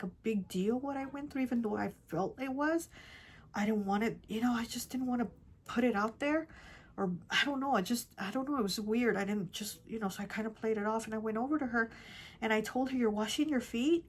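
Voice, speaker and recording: A woman tarot reader telling a personal story in casual chat, rambling and repeating herself, often dropping to a soft, hushed voice. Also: a little high, fairly quick, husky. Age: adult with children. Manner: rambling, repeats herself, many "like" and "you know".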